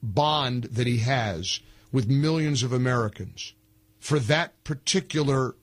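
A man's voice: medium pitch, measured pace. A man hosting talk radio, chatting casually and setting up audio clips. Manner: chatty, conversational, sets up clips.

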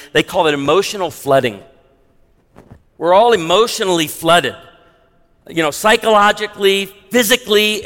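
Male pastor, fairly high voice, emphatic sermon delivery with wry asides, long sanctuary reverb. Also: a bit bright. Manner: emphatic, slows down hard on key lines, wry asides.

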